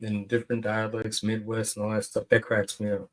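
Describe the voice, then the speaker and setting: Man, podcast co-host, low voice, rambling, teasing. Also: completely flat delivery, brisk, rough recording. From New York. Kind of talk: casual chat.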